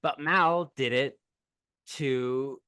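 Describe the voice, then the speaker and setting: Guy co-host rehashing a movie, jokey and animated, dry close mic. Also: medium pitch, extremely slow, smooth, no room sound. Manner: animated, jokey, quotes characters in sped-up asides. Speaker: podcast co-host. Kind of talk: casual chat recapping a movie.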